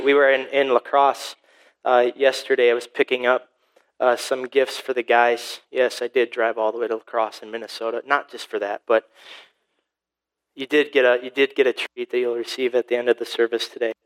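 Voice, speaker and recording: A man's voice: medium pitch, fairly bright tone, rough recording. Rambling pastor preaching, a man. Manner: rambling, repeats words, self-interrupting storytelling. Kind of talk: sermon.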